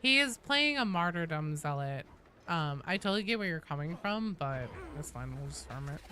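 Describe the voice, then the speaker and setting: A woman streaming a game, chatting casually with animated, swearing reactions. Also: low voice, moderate pace. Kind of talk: casual live-stream chat while gaming. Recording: noisy game sound behind voice.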